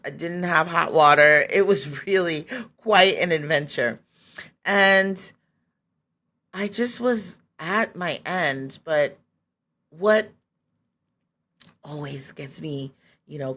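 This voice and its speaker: A woman's voice: low-pitched, slow pace, pauses often. Candid, laughing woman telling her story. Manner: candid and animated, laughs often, acts out her own past thoughts; loose and conversational, many fillers. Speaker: podcast host. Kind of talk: personal storytelling.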